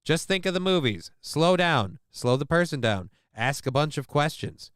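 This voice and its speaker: A man's voice: on the high side, animated, normal speed, fairly bright tone, clean tone, dry recording, clean studio sound. A man hosting a stream, reading out a news story and reacting to it with rambling, profane jokes. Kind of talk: casual crude reaction commentary.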